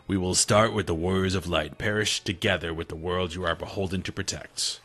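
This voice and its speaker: A man voicing a vast, menacing entity of darkness from a retro game, speaking slowly and gravely. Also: deep voice, fairly even intonation, a bit bright. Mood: ominous.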